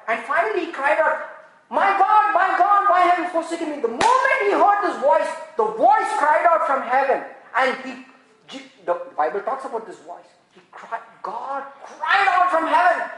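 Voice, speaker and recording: Male pastor, lively pitch, rhetorical questions, roomy echo. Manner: animated, rhetorical questions, quick asides. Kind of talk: sermon.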